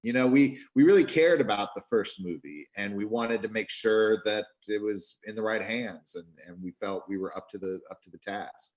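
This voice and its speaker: Animated man telling a director's story. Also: lowish voice, normal speed, hardly any pauses. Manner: animated, acts out quotes, many restarts. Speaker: film director. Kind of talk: interview storytelling. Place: video call.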